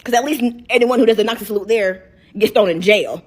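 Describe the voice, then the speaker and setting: A woman's voice: mid-range voice, fast talker, slightly rough. A woman in a casual vlog rant, indignant and sarcastic.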